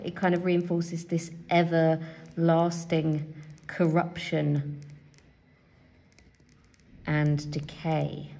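A woman's voice: lowish voice, warm tone. A woman teacher giving a revision tutorial, thinking aloud as she writes and reads from a help sheet, with many fillers. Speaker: English teacher. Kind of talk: revision tutorial while writing.

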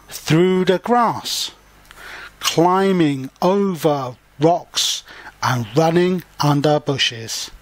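Slow, patient man reading a picture book. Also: on the high side, no room sound. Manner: slow, simple explanations for children. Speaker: storybook reader and language teacher. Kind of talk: reading a picture book aloud with explanations for learners.

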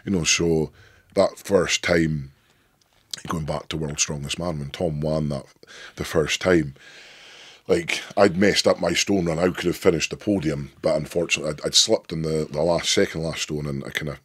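A Scottish man in his thirties with a deep voice, a guest telling stories in a rambling, sweary, emphatic way. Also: fairly even intonation, normal speed, fairly bright tone, husky, no echo. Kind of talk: casual interview chat.

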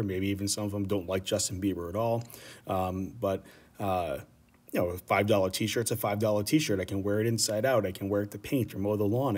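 In a casual, meandering economics lesson, a male teacher keeps asking "right?" to check in. His voice sits on the low side with a darkish tone.

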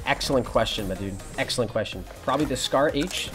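A young college man streams a shooter game, his medium-pitched voice fast over music. Relaxed and chatty, he reads and answers his viewers' messages in casual live-stream talk while playing.

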